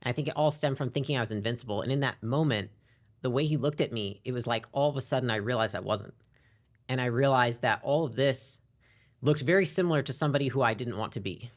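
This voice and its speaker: A young adult woman, a podcast guest, frankly telling a personal story, reflective, sometimes rushing and sometimes dropping quiet. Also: extremely low pitch. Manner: frank and reflective, often speeding up and trailing off quietly. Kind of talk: candid personal story in an interview.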